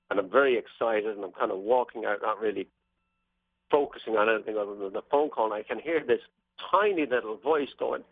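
A man's voice: fairly low pitch, dry recording. A man, a racehorse trainer, telling wry anecdotes as a guest in an interview. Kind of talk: storytelling interview answers. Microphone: telephone. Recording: tinny phone line, dry.

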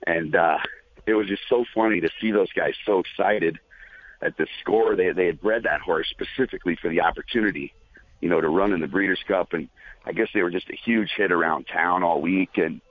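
A man's voice: low-pitched, brisk, no echo. A man telling a long casual story with lots of fillers, as a guest on a talk show. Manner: rambling, many fillers. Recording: phone-line audio.

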